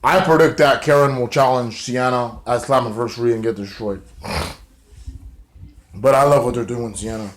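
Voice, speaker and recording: A man's voice: medium pitch, moderate pace, pauses often. A man recapping a wrestling show in a rambling, casual way, full of fillers and swearing.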